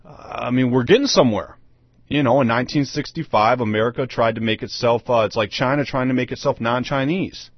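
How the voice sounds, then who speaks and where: A man's voice: medium pitch, a little fast, dry recording. A man hosting a solo talk monologue, emphatic and repeating his rhetorical questions. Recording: dull, lo-fi dry sound.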